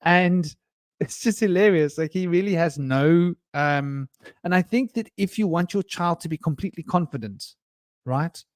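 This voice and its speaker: Taking part in a round table over video call, this man tells meandering anecdotes and is quick to laugh. His voice sits on the high side, and the recording is studio quality with no room sound.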